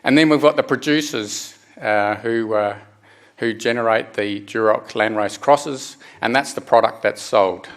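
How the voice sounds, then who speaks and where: A middle-aged man giving a technical conference presentation, speaking haltingly with frequent restarts and fillers. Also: mid-range voice.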